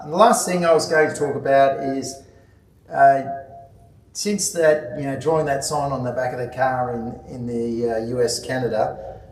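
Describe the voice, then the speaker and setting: In a club meeting room, a guest speaker with a mid-range, slightly mellow male voice shares anecdotes casually, stumbling through fillers and restarts. The echoey recording comes from a distant mic, carrying faint ambience and a little hiss or hum.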